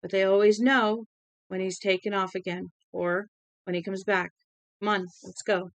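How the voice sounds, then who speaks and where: A man's voice: high-pitched, little pitch movement, moderate pace, gravelly, a bit bright, no echo. A woman voicing a hard-bitten male henchman who talks in a blunt, matter-of-fact way.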